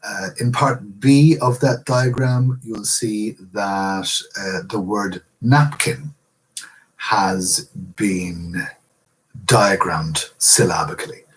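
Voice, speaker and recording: A man giving a recorded class lecture as a university lecturer, explaining step by step with frequent pauses. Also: fairly low pitch, slightly rough, low-quality recording.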